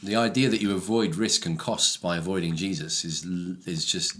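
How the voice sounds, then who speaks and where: A man from the south of England with a low, deep voice, talking over last Sunday's sermon. He explains things slowly and thoughtfully, leaning on key words in a relaxed conversation. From England, Brighton. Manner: reflective, explaining with slow emphasis. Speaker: church leader discussing the Sunday sermon. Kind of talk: casual chat about a sermon.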